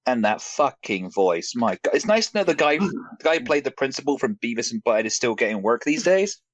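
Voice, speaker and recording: A man's voice: mid-range voice, a little fast, no echo. Guy ranting bout a show, swears a lot, voice jumps all over, dry close sound. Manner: animated, sweary, mocking impressions. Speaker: reviewer hosting a group discussion. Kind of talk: casual ranting review chat.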